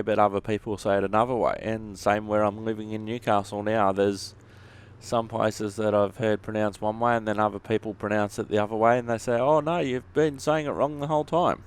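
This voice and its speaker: A man's voice: lowish voice, clear, resonant tone. An Australian man hosting bus simulator gameplay, answering viewer questions with dry, joking humour. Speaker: YouTube gaming host.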